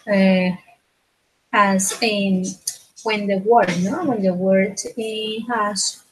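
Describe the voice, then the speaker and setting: A woman's voice: mid-range voice, noisy background. A woman teaching an English grammar lesson, who keeps checking in with short tag questions and repeats phrases as she explains.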